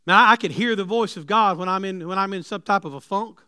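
High-voiced preacher, dry and close. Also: male voice, fairly quick, smooth, dry recording. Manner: swings between loud preaching and soft, hushed invitations. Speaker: pastor. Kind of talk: sermon. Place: church sanctuary.

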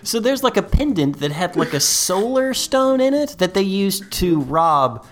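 A man co-hosting a comedy podcast, riffing and joking in quick asides. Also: sits high, sing-song. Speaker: podcast co-host. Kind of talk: casual comedic chat.

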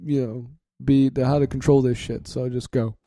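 A man's voice: mid-range voice, flat delivery, fairly quick, dark tone, no room sound, studio quality, voice pushed down, lightly acted. A man voicing a boastful vampire who was once a football star, with a lazy drawl full of "uh" fillers. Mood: bragging. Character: boastful male vampire, former high-school football star. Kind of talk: improvised comedy skit.

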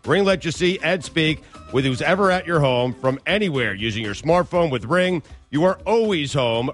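A man's voice: a little high, a bit bright. A man co-hosting a sports radio show, bantering playfully and reading an ad. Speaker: radio co-host.

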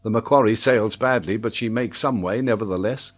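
A man's voice: on the low side, brisk, natural voice. A man reading as an earnest young sea captain. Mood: reassuring. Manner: earnest, steadying.

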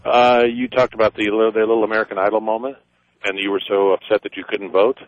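A man's voice: fairly low pitch, flat delivery, quick pace, no echo. A man calling in to a radio talk show to argue, speaking sarcastically. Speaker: caller. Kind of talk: argumentative phone call to a radio show. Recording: dull dry phone line.

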